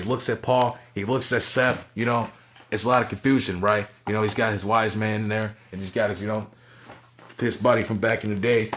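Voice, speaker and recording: A man's voice: medium pitch, a bit bright. A man casually recapping and reviewing a wrestling match, swearing freely and dropping "right?" and "you know what I'm saying" after most sentences. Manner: profane, rambling, fillers like "right?".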